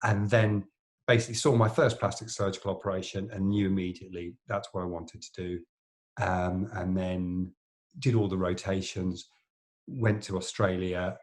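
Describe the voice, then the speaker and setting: A middle-aged man with a fairly low voice telling stories in a relaxed podcast chat. He wanders through his anecdotes, restarting sentences and padding them with fillers. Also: normal speed. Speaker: plastic surgeon, podcast co-host. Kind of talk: casual storytelling chat.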